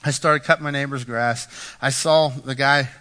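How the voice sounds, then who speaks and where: Middle-aged male pastor, crisp bright tone, chatty anecdotal preaching, church reverb. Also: medium pitch, normal speed. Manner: animated, self-deprecating anecdotes with frequent "right?" asides. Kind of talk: storytelling sermon. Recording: echoey hall reverb.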